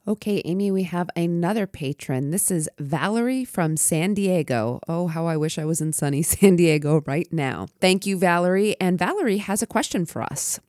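Woman co-host who teaches criminology, upbeat casual chat, slightly low pitch, dry studio sound. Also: animated, normal speed, hardly any pauses, darkish tone, dry recording. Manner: enthusiastic, grateful.

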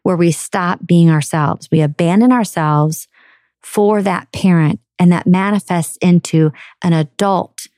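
A woman talks through a self-help podcast in an earnest, conversational way. Her voice sits a little low and sounds mellow and warm. The sound is dry and close, with no room echo. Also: unhurried. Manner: earnest, conversational, acts out quoted parents. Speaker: podcast host.

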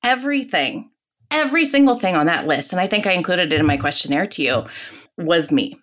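Candid, lively woman guest. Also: lowish voice, fairly quick. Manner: lively, candid, peppers talk with "right?" and "like". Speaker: podcast guest. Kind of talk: casual personal storytelling.

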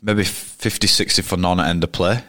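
A man's voice: low-pitched, steady tone, moderate pace, pushed and bright, no echo, studio quality. A man in his thirties, a cricketer guest telling anecdotes in a rambling, casual way full of restarts. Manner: rambling, frequent restarts and fillers. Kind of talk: casual storytelling interview.

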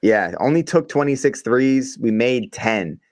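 A man co-hosting a sports podcast in casual chat, animated and blunt, swearing and calling people "bro.". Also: mid-range voice, a little slow, no echo, clean studio sound. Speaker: podcast co-host.

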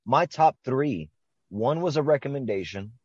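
A man co-hosting a horror podcast, excitable and teasing, with casual swearing. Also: mid-range voice, normal speed, breathy edge, dry recording, muffled recording. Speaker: podcast co-host.

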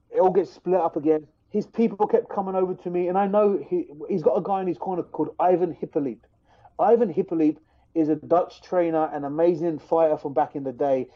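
A man's voice: on the high side, lo-fi sound. Fired-up man retelling a fight. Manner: animated, fired-up retelling with many restarts. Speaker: fighter telling a story. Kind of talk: casual storytelling on a podcast.

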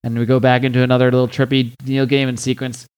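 A man's voice: medium pitch, monotone, fast, a little mellow, smooth. A man hosting a podcast, casually recapping a comic book with lots of fillers and restarts. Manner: recaps a comic with frequent fillers, reads dialogue aloud. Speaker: podcast host.

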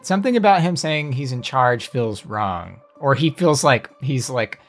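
A man runs a tabletop game in a casual, self-deprecating way. He narrates with an easy, mid-pitched voice and laughs often. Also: animated, unhurried, faint music behind. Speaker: game master.

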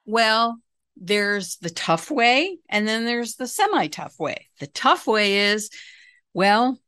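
Calm middle-aged woman giving parenting advice. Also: a little high, slow, no echo. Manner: calm, explanatory, acts out quoted dialogue. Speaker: parenting expert. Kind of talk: casual advice talk.

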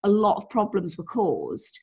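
Brief: woman, casual podcast co-host, searches for words, halting. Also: mid-range voice, wildly swooping pitch, gravelly, a little mellow, breathy edge. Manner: hesitant, many fillers like "like" and "um". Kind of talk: casual chat.

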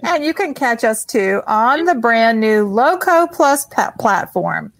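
An unhurried woman co-host, high-pitched and chatty, who jokes at her own expense. She talks slowly over a video call, and the sound is close and dry, with no room echo. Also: sing-song, a bit bright. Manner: laughing, self-mocking. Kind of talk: casual chat.

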